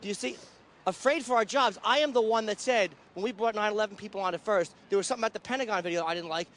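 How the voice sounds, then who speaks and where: A man's voice: high voice, racing, fairly bright tone, slight background noise. A man hosting a show, arguing outdoors on a city street in a mocking, taunting way. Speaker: radio host. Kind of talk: heated street argument.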